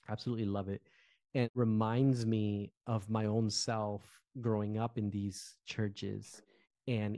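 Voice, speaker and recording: A man from New Jersey in his thirties, a former pastor co-hosting a podcast in animated casual talk. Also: lowish voice, dry recording. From Newark, New Jersey. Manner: animated, conversational, fillers like "you know".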